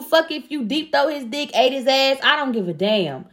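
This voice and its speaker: A young woman with a fairly high voice chats casually as a show co-host. She tells a personal story bluntly and profanely and acts out the quoted back-and-forth with lively energy. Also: normal speed. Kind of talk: casual chat.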